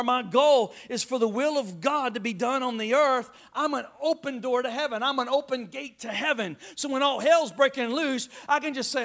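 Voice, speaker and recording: A man's voice: very high-pitched, fairly bright tone. A man preaching a sermon to his congregation, calling out to them and breaking into playful asides. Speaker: pastor.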